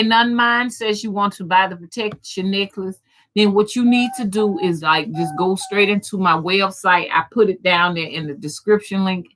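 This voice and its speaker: Folksy, cussing woman streaming live. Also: mid-range voice. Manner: loud, folksy and profane, greets viewers by name. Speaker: rootworker and channel host. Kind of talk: casual livestream chat.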